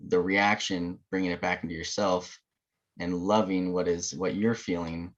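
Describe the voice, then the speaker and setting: A man with a very low voice muses about personal growth in a reflective way, picking up speed in bursts. The sound is muffled and lo-fi. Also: level tone, normal speed. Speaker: podcast co-host. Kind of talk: casual spiritual chat. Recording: dull lo-fi podcast audio.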